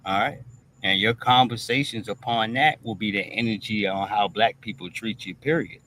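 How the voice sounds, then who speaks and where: A man's voice: lowish voice, moderate pace, bright, forceful tone, a little hiss or hum. A man hosting a streamed commentary monologue, talking bluntly with plenty of profanity and a habit of asking "all right?" after nearly every point. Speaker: host.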